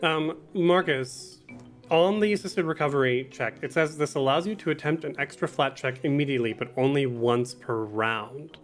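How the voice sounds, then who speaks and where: A man's voice: a little high, normal speed, soft background music. A man running a tabletop game as game master, explaining rules and reading them out.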